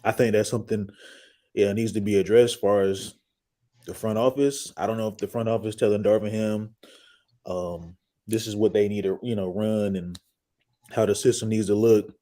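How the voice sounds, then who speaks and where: Man, lowish mellow voice, friendly, conversational, casual sports chat. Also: fairly even intonation, moderate pace. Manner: friendly, conversational, repeats himself. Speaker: sports show guest.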